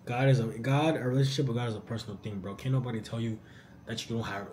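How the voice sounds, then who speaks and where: A young YouTuber answers viewer questions in a casual Q&A vlog, sounding animated and slangy and repeatedly tossing in "bro." His mid-range, medium-pitched voice is warm and mellow and moves at a quick pace. A faint hiss of background noise sits behind him.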